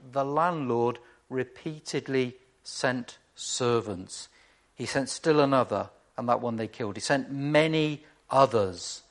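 A man preaching a sermon in a conversational way, with rhetorical questions and dry asides to the congregation. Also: mid-range voice.

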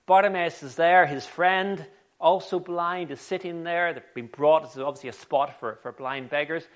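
A man preaching a sermon in an animated, conversational storytelling way. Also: a little high, moderate pace.

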